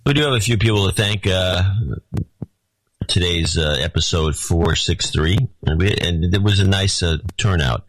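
A man's voice: sits low, normal speed, a bit bright, low-quality recording. A man co-hosting a podcast in casual chat, dry and matter-of-fact, reading out listener notes. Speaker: podcast co-host.

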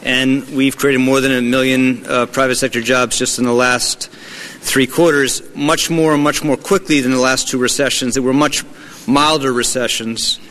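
A man giving formal testimony at a hearing, measured and hedging. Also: mid-range voice, fairly even intonation, a bit bright, poor audio. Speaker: official testifying.

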